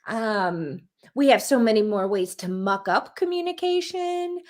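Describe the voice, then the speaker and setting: A woman, chatting as a guest author and coach, telling self-deprecating stories with lively energy. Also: fairly high pitch, unhurried. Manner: animated, self-deprecating storyteller. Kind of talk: casual chat.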